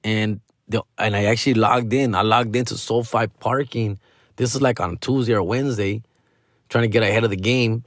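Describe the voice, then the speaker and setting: A man's voice: on the low side, moderate pace, dry recording, studio quality. A middle-aged man hosting a comedy podcast, telling a story in a casual, slangy way, full of swearing and with Spanish phrases mixed in. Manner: profane, slangy, animated, mixes in Spanish phrases.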